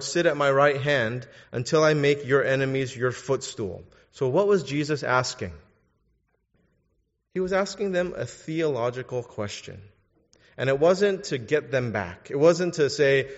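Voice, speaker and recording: A man preaching a sermon, asking his listeners pointed questions and urging them to think. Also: mid-range voice. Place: church. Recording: dull sound in a reverberant hall.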